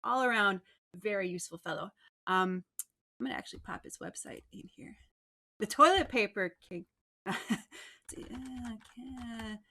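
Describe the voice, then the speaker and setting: A woman's voice: medium pitch, a little slow, pushed and bright. Bubbly chatty woman hosting a livestream. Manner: bubbly, chatty, laughs often. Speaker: host. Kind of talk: casual livestream chat.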